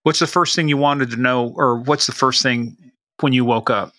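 A man's voice: medium pitch, steady tone, moderate pace, sharp tone, no echo, clean studio sound. A man hosting a podcast, asking questions and reacting with engaged interest. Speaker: podcast host. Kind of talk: conversational interview.

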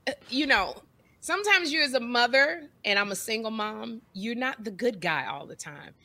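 A woman's voice: on the high side, normal speed, dry recording. A woman co-hosting a podcast, chatting casually and animatedly with comic asides. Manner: animated, breaks into impressions. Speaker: podcast co-host. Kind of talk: casual comedic chat.

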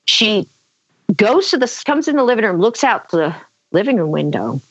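Animated woman telling a spooky story. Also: medium pitch, normal speed, husky, no room sound. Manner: animated, acts out quotes, many fillers. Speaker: guest telling a personal story. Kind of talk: conversational storytelling. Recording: dull lo-fi dry sound.

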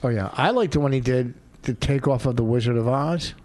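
A man's voice: mid-range voice, fairly quick, a little mellow. A middle-aged man co-hosting a podcast, needling his co-host in blunt, dry banter. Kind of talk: casual banter.

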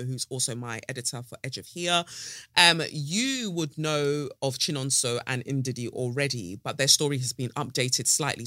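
A woman's voice: rumbling low, pushed and bright, dry recording, studio quality. A woman hosting a podcast in a casual, playful monologue, swearing freely. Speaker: podcast host.

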